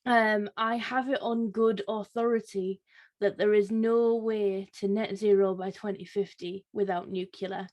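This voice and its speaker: A woman's voice: medium pitch, steady tone, unhurried, a little mellow. A woman speaking as a guest on a political panel, hesitant with many fillers and restarts. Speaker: panel guest, Labour councillor. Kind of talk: casual panel discussion.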